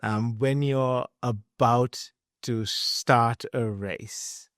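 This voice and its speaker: A man's voice: mid-range voice, steady tone, drawn-out words, fairly bright tone, dry recording, studio quality. A middle-aged man hosting a podcast interview, earnest and thorough, asking long questions with fillers. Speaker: podcast host.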